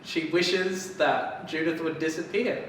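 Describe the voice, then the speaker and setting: A man's voice: a little high, slow, fairly bright tone, far from the mic. A man co-hosting a podcast in casual chat, dryly correcting and filling in story details. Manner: dry, corrects and adds plot details. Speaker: podcast co-host. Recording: echoey room, off-mic, faint noise.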